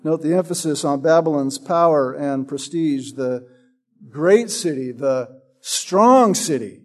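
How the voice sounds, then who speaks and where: Slow, high-voiced male preacher. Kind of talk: sermon teaching from a Bible passage.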